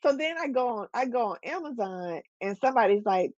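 A woman host asks her guest questions in an easygoing, enthusiastic way. Her voice sits a little high. The sound is dry and a bit dull. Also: expressive, brisk, a little mellow, no echo. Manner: chatty and enthusiastic, many fillers and back-channel "mm-hmm"s. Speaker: interview host. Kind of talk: casual interview chat.

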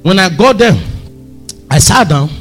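A man preaching a sermon, telling stories with lively swings and sudden shouts. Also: high-pitched, a little slow, soft background music. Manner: animated, storytelling, bursts into shouts. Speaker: pastor.

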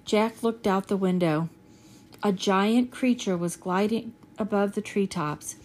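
A woman reading a children's chapter book aloud in a steady storytelling manner. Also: mid-range voice, measured pace. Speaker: reader.

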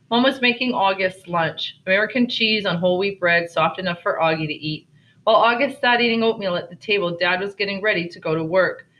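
A teacher reading a novel aloud to children, pausing to explain the story, on a dull lo-fi recording. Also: mid-range voice, sharp tone.

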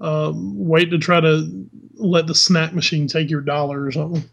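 Higher-voiced guy bantering on a sports podcast, blunt and jokey. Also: little pitch movement, moderate pace, gravelly, highs cut off. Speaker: podcast co-host. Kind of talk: casual sports chat.

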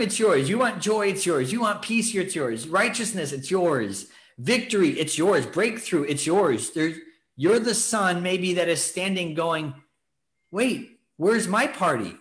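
A man hosting a faith podcast, preaching in an earnest, exhorting way and acting out the thoughts of people in the story. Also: fairly high pitch. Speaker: podcast host teaching on scripture. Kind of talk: preaching talk, casual.

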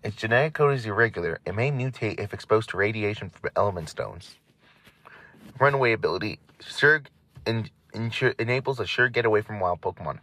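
A man's voice: fairly low pitch, animated, a little fast, sharp tone. A man hosting a casual podcast, reading entries aloud with frequent stumbles, restarts and chatty asides. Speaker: podcast host.

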